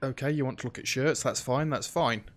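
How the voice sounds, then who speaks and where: A man's voice: mid-range voice, fairly quick, soft background music. A man chatting and joking through a shop management game, talking to the customers on screen. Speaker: gaming YouTuber. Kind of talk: let's play commentary.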